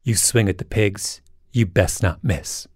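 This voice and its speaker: A man's voice: on the low side, a little slow, a little mellow, slight background noise. A man hosting a podcast, delivering scripted storytelling narration in a wry, dramatic way. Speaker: podcast host.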